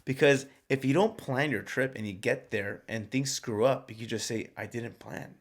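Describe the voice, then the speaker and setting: Joking, animated man on a podcast. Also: medium pitch, normal speed. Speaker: podcast guest. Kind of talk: casual chat.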